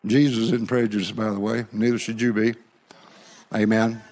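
This preacher speaks with a fairly low, slightly mellow voice, keeping his tone level and his speed normal. His church sermon is built around a humorous story told folksy-style, full of jokes and call-and-response with the crowd.

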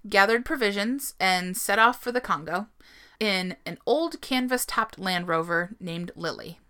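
A woman with a bright, forceful voice, chatting casually as a podcast co-host. She tells a story at an easy pace, laughs often and drops the occasional swear word. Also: mid-range voice, unhurried, smooth.

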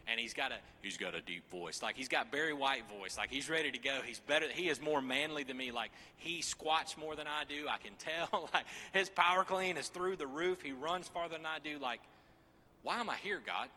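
Bright-voiced joking man preaching. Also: on the high side, a little fast, hardly any pauses, a little hiss or hum. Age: 30s. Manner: joking, lively asides to the congregation. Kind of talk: sermon.

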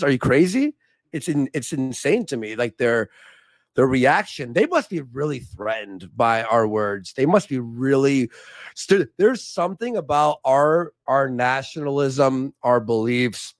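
A man's voice: medium pitch, no room sound. A young man from Canada in casual livestream chat, rambling and getting heated, swearing and stumbling over restarts. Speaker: streaming guest.

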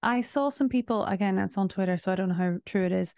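A woman's voice: mid-range voice, fast, creaky, a little mellow, dry recording. A woman co-hosting a podcast, chatting casually, laughing often and answering with short agreements. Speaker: podcast co-host. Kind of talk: casual chat.

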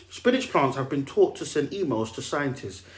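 A young man chatting casually on a podcast, laughing and stumbling over his words. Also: mid-range voice. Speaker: podcast host. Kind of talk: casual chat. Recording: echoey room.

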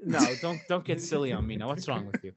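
A man co-hosting a podcast, telling a story in casual chat, profane and animated, acting out what people said. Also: mid-range voice, fast, a crowd in the background. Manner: profane, animated, acts out quotes. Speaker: podcast co-host.

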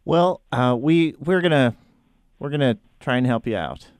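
A man co-hosting a radio talk show, dry and low-key. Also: lively intonation, moderate pace, heavy background noise. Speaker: radio host. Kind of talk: casual radio chat.

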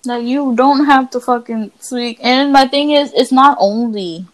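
A woman's voice: high voice, measured pace. A woman co-hosting a casual podcast, telling stories in a blunt, profane way. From Dominican family. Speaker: podcast co-host. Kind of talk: casual chat.

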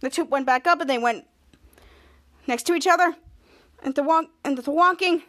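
High bright-voiced woman recapping a show. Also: moderate pace. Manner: retells scene by scene with repeated "cut to", acts out lines. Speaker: podcast host. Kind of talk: casual episode recap.

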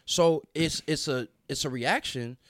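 Man, podcast co-host, fairly high voice, earnest, halting restarts, dry close mic. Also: fairly bright tone, no echo. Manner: earnest, restarts often, slow and emphatic at times. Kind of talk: casual podcast discussion.

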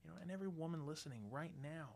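A middle-aged man hosting a radio show, ranting bluntly and swearing constantly, loud and animated. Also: on the high side, very fast, creaky. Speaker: radio host. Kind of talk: profane ranting monologue.

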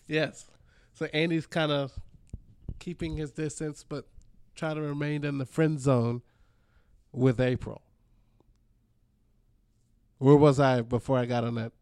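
A man's voice: a little high, little pitch movement, slow pace, pauses often, darkish tone, clear, resonant tone, no room sound, clean studio sound. Laughing, rambling male co-host. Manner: rambling, laughs often while retelling. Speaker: podcast co-host. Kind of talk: casual recap chat.

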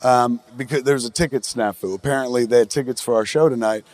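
A man from New Jersey, middle-aged, spins a rambling, profanity-laced story as host of a live podcast. He talks on a theatre stage, slipping into little acted-out quotes of the people he met, with a plain, ordinary pitch that sits right in the middle of the male range. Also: fairly even intonation, fast, a little mellow, no echo. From New Jersey, USA.

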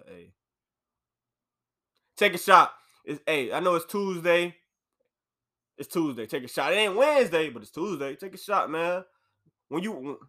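A young man hosting a podcast from an apartment, ranting casually in loose slang. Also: high voice. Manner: loose, animated slang-heavy rant. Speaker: podcast host.

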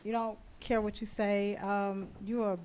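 A woman guest on a live podcast show, brash and quick to laugh, hesitating with "um" as she gives a heartfelt tribute to a friend. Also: medium pitch, level tone, a little mellow, slight background noise. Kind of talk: casual banter, heartfelt tribute. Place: live stage show before an audience.

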